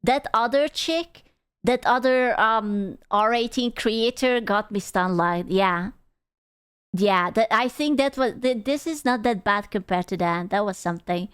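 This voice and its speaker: A young adult woman streamer giving casual reaction commentary, animated and exclaiming with quick asides. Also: medium pitch, clear, resonant tone, dry recording. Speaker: VTuber streamer.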